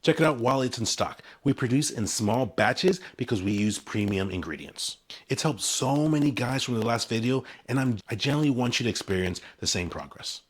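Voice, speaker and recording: A man in his forties talks to camera in scripted promotional style, selling his own hair routine in short, emphatic phrases. His medium-pitched, slightly rough voice is brisk, lively and upbeat, with a punchy delivery.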